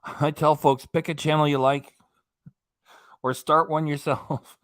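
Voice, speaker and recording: A man's voice: on the high side, level tone, takes it slowly, fairly bright tone. Chatty man hosting a reaction vlog. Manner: chatty, rambling, laughs often. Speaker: reaction channel host. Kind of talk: casual commentary while reacting.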